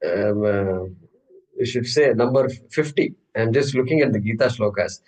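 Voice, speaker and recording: A Gita teacher leads an informal scripture class in a medium-pitched, darkish voice at normal speed, though the recording is rough. He keeps things joking and conversational, putting questions to the room and then answering them himself.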